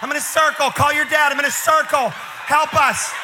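A man's voice: fairly even intonation, normal speed, noisy background. A man doing shrieking, panicked teen girls. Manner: frantic, high-pitched squealing.

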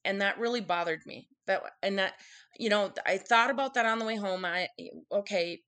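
A woman's voice: medium pitch, moderate pace, a bit bright. A woman candidly telling an emotional personal story in conversation, acting out the quotes of what people said. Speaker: guest telling her story.

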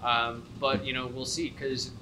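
A man's voice: medium pitch, level tone, a little slow, bright, forceful tone. A man on a podcast, talking things through with many fillers. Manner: thoughtful, lots of fillers like you know and um. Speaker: podcast co-host. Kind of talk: casual podcast discussion. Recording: noisy podcast recording.

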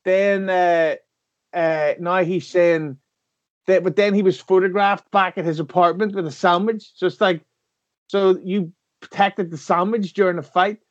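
A man chatting casually on a podcast, telling rambling deadpan jokes with lots of fillers. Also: sits high, a little slow, highs cut off. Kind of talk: casual comedic chat.

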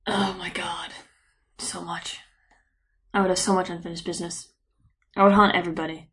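A woman's voice: on the low side, level tone, normal speed, a bit bright. A woman co-hosting a podcast, chatting casually with playful, rambling musings. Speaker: podcast co-host. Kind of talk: casual chat.

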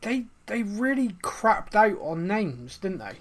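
A man's voice: sits high, big pitch swings, takes it slowly. A man hosting a casual podcast, joking around and stumbling over his words. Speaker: podcast host. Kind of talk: casual chat.

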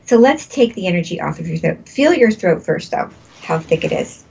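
A woman's voice: fairly low pitch, lively intonation, normal speed, vocal fry, a little mellow, lo-fi sound, slight background noise. A woman leading a guided energy healing session, soothing and repeating breathing cues, laughing often. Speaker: energy healer.

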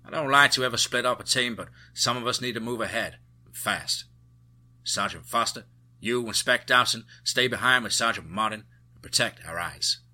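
A decisive male squad leader handing out firm orders, played by the story's narrator. His voice is husky and bright. He speaks a little louder than the narration. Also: mid-range voice, normal speed. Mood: commanding. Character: commanding male team leader, steady and decisive.

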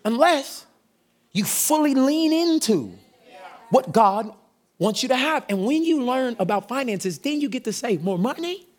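A middle-aged man, a pastor preaching a sermon energetically, shouting call-and-response lines to his congregation. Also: very high-pitched, expressive, a little slow.

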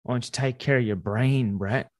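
A man co-hosting a comedy podcast, speaking casually and playfully, including a relaxed ad read. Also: mid-range voice, moderate pace. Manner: laid-back, playful ad read. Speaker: podcast co-host.

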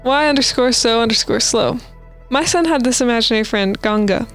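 Woman podcast co-host, a bit high-pitched, reads creepy listener stories with playful asides, faint music underneath. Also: brisk. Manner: reads posts aloud with playful asides and laughs. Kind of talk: casual podcast chat, reading stories aloud.

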